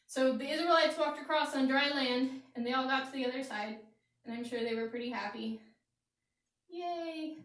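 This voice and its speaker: High-voiced woman telling a children's Bible story. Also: fairly quick, recorded from a distance. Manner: animated, asks the kids questions. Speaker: children's Bible lesson teacher. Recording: roomy echo, voice from off-mic.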